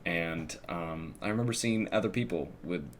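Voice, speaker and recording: A man co-hosting a podcast, talking casually in a dry, halting way that repeats words. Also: low voice, a little hiss or hum. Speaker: podcast co-host. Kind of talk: casual chat.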